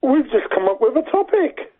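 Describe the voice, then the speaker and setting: A man's voice: very high voice, big pitch swings, normal speed. A man with a Birmingham accent, co-hosting a radio show in an earnest, plain-spoken way. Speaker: radio co-host. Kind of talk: casual radio chat. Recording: tinny phone-like radio sound.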